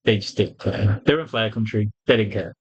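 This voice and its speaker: Speaking briskly in a fairly low, slightly rough voice, a man delivers a sweary, blunt, opinionated take on wrestling, acting out the quotes with animated voices. The highs are cut off in the recording.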